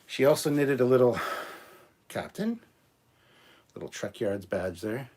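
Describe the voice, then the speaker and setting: A man's voice: mid-range voice, lively intonation, unhurried, darkish tone. A man hosting his own channel, chatting casually in a rambling, jokey way with many fillers. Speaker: channel host. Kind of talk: casual livestream chat.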